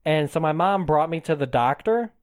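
A man in his twenties rambles through a comic story on a podcast. His voice sits a little high, and he slips into the people he quotes as he goes. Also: expressive, moderate pace, smooth. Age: 20s. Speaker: podcast co-host. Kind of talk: casual comedic banter.

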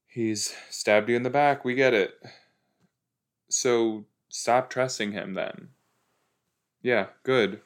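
Slow, rambling young man chatting. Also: mid-range voice, fairly even intonation. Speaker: podcast host reacting to a TV episode. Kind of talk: casual chat. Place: lying down at home.

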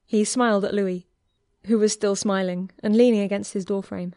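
A woman reading a fan fiction story aloud as narrator in an even, clear telling. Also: mid-range voice, moderate pace, no room sound, clean studio sound.

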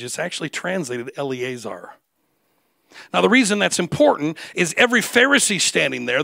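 Man, preacher, gravelly voice, dry close sound, lively humorous sermon. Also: on the high side, dry recording. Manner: animated preaching with humor, acts out quoted voices. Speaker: guest preacher.

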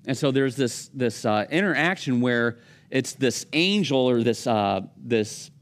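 A man's voice: medium pitch, animated, a little slow. A man preaching a conversational sermon, acting out the lines of the people in his stories. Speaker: pastor.

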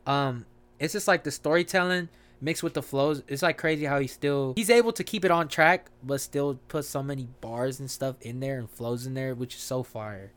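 A man hosting a casual album reaction, excitable and swearing freely as he hypes each track. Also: medium pitch, normal speed. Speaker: music reaction host.

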